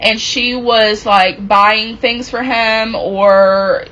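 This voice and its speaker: A woman casually telling a personal story from her relationship, animated and acting out what people said. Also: fairly high pitch, drawn-out words, highs cut off, a little hiss or hum. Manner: animated, reenacts quoted dialogue.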